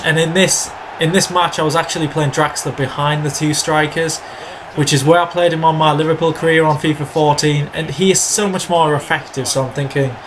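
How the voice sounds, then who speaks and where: Man, gaming host, play-by-play commentary, higher-pitched voice, excitable. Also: a little hiss or hum. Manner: chatty play-by-play, bursts into excited shouts at goals. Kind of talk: video game commentary.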